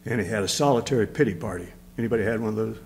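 A man's voice: fairly low pitch, racing, low-quality recording. A man with a Midwestern American accent preaching a sermon as pastor, emotional and rising to fervent emphasis.

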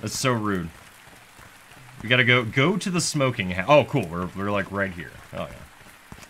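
A man giving comedic let's-play commentary as a gaming video host, goofy and sarcastic, swearing and getting excited as he plays. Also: on the low side, unhurried, slight background noise.

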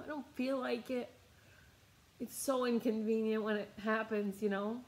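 A woman's voice: fairly high pitch, fairly even intonation, unhurried. A young adult woman, a meditation teacher, telling a personal story in a rambling, emotional way, near tears and repeating her phrases. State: tearful, near crying.

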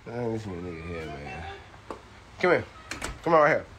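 A man's voice: sits low, very animated, normal speed. A young man and father, chatting casually on a vlog while he films his toddler, laughing and teasing in a loose, profane way. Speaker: vlogger and father. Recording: noisy home video.

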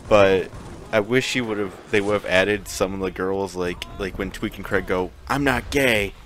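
A man's voice: deep voice, little pitch movement, a little slow, a little hiss or hum. A man rambling casually with many ums and chuckles while commenting on a video game. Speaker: game streamer.

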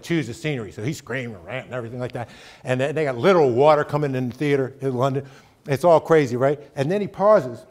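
With a medium-pitched, darkish voice, a middle-aged man gives an emphatic, conversational college lecture as a guest speaker. He keeps checking in with the audience by saying "right?"

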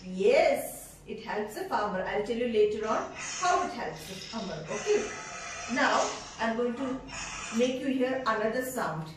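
A woman, teaching preschoolers slowly and in a sing-song way. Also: a little high, lively intonation, background noise. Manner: sing-song, slow and drawn out, imitates animal sounds. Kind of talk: teaching young children. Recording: echoey room from far off.

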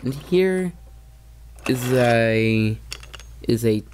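A man's voice: mid-range voice, expressive, extremely slow, background noise. A man giving a casual toy train review, hesitant and often correcting himself mid-sentence.

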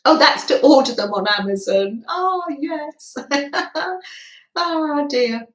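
A middle-aged British woman hosts a live art stream, chatting casually with viewers and laughing often. Her voice is a little high and animated, yet she speaks extremely slowly with frequent pauses. The recording has a roomy echo.

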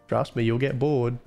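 A man's voice: mid-range voice, vocal fry, warm tone. A young man admin on a game live stream, casually teasing and mocking players he catches cheating.

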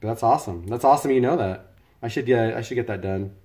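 Speaking fast with a dark tone at medium pitch, a man from the United States streams himself cooking at home. He talks casually with his audience, stops to say hello to people by name, and comments constantly on his work.

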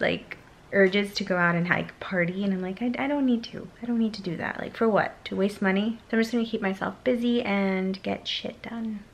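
A woman's voice: mid-range voice, vocal fry, fairly bright tone, a little hiss or hum. A young woman in her twenties chatting casually to the camera at home, rambling with lots of fillers. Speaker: vlogger. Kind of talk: casual vlog chat. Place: home, bedroom.

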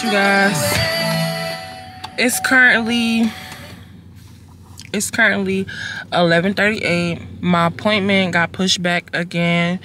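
A young woman vlogging from her car, chatting casually to her phone camera in a slangy, expressive way, swearing freely. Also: medium pitch. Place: inside a car, on the road.

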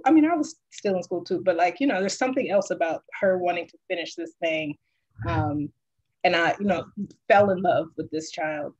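Animated low-voiced storyteller on a call. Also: female voice, moderate pace, highs cut off. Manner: animated, laughing storyteller who acts out quoted voices. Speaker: guest dance artist. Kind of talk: casual storytelling on a video call.

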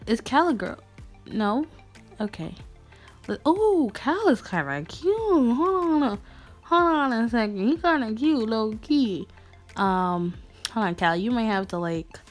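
Gushing, chatty young woman vlogger. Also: a little high. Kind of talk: casual chat reading messages aloud. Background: faint music.

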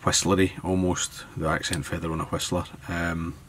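Scottish guy talking through tying a fly, deep voice, laid back, muttering as he goes. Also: little pitch movement, moderate pace, fairly bright tone, slight background noise. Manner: easygoing, thinking aloud as he works. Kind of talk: tutorial narration while working.

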